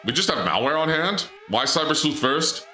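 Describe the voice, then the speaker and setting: Man, game streamer, goofy banter, bright voice, echoey room. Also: a little high, moderate pace. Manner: goofy, joking with chat, voice jumps up when excited. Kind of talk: casual let's-play commentary.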